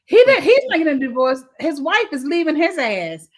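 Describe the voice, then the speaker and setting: High, lively woman co-hosting a chat. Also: fairly quick. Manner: emphatic, laughs often, repeats words. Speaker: podcast co-host. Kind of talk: casual chat.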